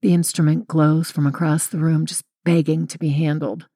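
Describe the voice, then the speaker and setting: A woman's voice: deep voice, little pitch movement, normal speed, dark tone, slightly rough, dry recording. Young woman narrator, wry first-person audiobook read, dry close studio sound.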